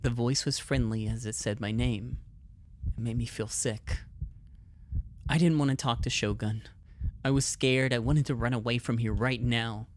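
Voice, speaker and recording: A man's voice: mid-range voice, fairly even intonation, moderate pace, a little hiss or hum. A man streaming, reading a visual novel's text aloud expressively, with casual asides.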